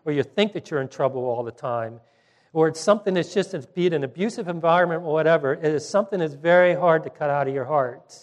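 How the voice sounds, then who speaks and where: A man preaching a sermon, teaching earnestly and swinging from soft, trailing line endings to sudden emphatic rises. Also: a little high, quick pace. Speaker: pastor.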